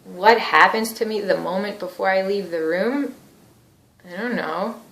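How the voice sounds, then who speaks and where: A woman's voice: medium pitch, measured pace, a bit bright, a little hiss or hum. A woman playing a flustered, shocked wife. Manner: flustered, conciliatory. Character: flustered wife in couples therapy. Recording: echoey room.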